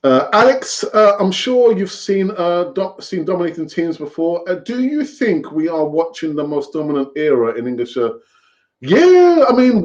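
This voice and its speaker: A man's voice: sits high, darkish tone. A man hosting a fan live stream, talking in a rambling, chatty way with fillers and laughs, over lo-fi stream audio. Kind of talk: casual live-stream chat.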